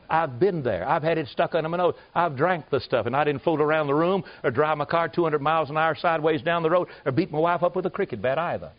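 An American man preaches a revival sermon at a church service. His voice sits a little high, and he tells stories, swells to loud emphatic peaks, then drops low. The recording is dull and lo-fi. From United States.

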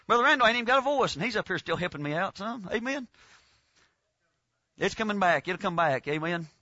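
A man with a Southern US accent preaching a folksy revival sermon, talking plainly and rising into fervent shouting. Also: high-pitched, lively intonation, fairly quick, no echo, lo-fi sound. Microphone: lapel mic.

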